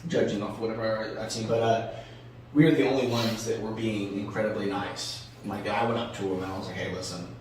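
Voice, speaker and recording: A man co-hosting a podcast in casual chat, telling stories in an animated way, swearing casually and restarting his sentences often. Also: lowish voice, brisk. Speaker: podcast co-host. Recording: echoey room, distant mic, background noise.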